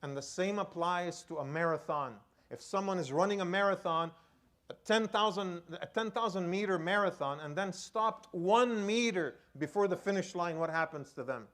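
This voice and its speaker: A male imam preaching a sermon and telling a personal story, swinging between loud outbursts and hushed, low lines. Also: moderate pace.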